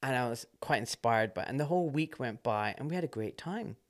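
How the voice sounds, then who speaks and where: A man, a surgeon guest telling a story in casual talk, animated and quick to laugh. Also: medium pitch.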